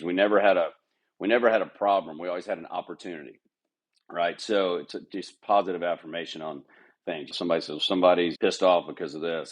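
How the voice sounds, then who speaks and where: A middle-aged man with a fairly low voice, chatting candidly on a podcast. He tells workplace stories and slips into quick impressions of people he quotes. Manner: candid, storytelling, mimics others' voices. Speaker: golf club manager, podcast guest. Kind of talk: casual interview chat.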